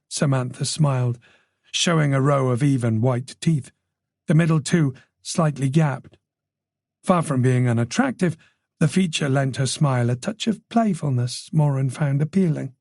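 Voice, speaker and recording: A man narrating a mystery audiobook in a measured, even storytelling manner. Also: fairly high pitch, dry recording, studio quality. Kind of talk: scripted narration.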